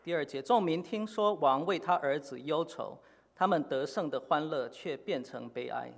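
A man preaching a sermon in short phrases, pausing often with fillers for an interpreter. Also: fairly high pitch, vocal fry. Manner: halting, many filler pauses. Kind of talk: sermon in Chinese with live interpretation. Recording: long hall reverb.

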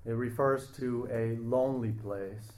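A man preaching a sermon in a slow, earnest way, pausing and restarting his phrases. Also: medium pitch, fairly even intonation, a little mellow.

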